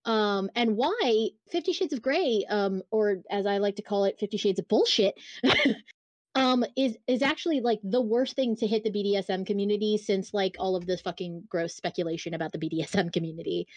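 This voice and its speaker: A woman's voice: mid-range voice, moderate pace, darkish tone, no room sound. Blunt, indignant woman on a dry mic. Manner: blunt and indignant, swears freely; reads book excerpts aloud. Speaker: podcast co-host. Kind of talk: casual chat.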